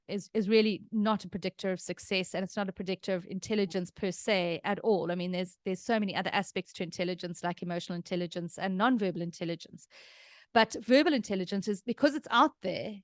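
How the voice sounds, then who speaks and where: A woman's voice: medium pitch, dry recording, studio quality. A middle-aged woman with a South African accent, hosting a podcast and giving chatty, explanatory parenting advice. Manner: chatty, explanatory, laughs easily. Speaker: podcast host, parenting expert. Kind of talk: casual advice chat.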